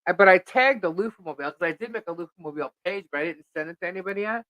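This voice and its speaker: A middle-aged woman co-hosting a live podcast, chatting casually and telling an animated story in which she acts out what people said. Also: on the low side, very fast, no echo, rough recording. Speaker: podcast co-host.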